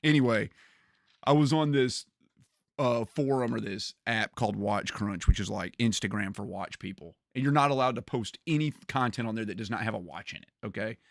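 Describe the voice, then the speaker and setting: A man chatting casually on a gaming livestream, animated, often repeating words and laughing. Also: lowish voice, moderate pace, creaky, dry recording, clean studio sound.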